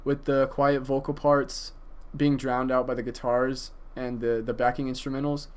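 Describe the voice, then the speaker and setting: A man's voice: mid-range voice, flat delivery, moderate pace. A man casually reviewing an album, enthusiastic and profane, with frequent hesitations and fillers. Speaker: music reviewer.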